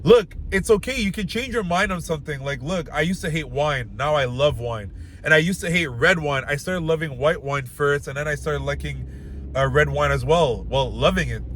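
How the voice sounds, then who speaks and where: A man's voice: fairly high pitch, moderate pace, a bit bright, slight background noise. A young man giving blunt dating advice straight to the camera in loose, casual talk full of filler words.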